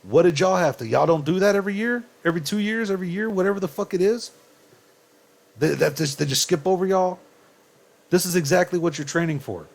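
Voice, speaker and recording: A man's voice: high voice, fairly quick, creaky. Angry cursing man ranting. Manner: angry, profane, rhetorical questions. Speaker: YouTuber ranting to viewers. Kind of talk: heated opinion rant.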